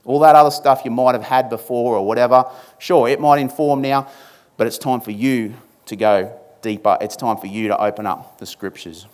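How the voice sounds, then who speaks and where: A man's voice: medium pitch, normal speed, a little mellow. A man preaching a sermon, stressing his points with repetition and rhetorical questions. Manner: emphatic, repeats key words, rhetorical questions. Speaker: pastor.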